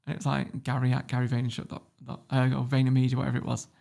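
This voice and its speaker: A man with a British English accent, a podcast guest telling a story in a blunt, sweary and animated way. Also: mid-range voice, racing, creaky. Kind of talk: casual storytelling.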